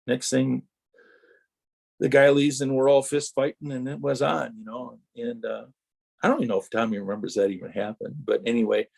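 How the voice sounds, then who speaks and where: In a creaky, medium-pitched voice at normal speed, a middle-aged man from Wisconsin shares rambling racing memories as a podcast guest. Having once raced himself, he tells lively anecdotes and acts out the quoted exchanges.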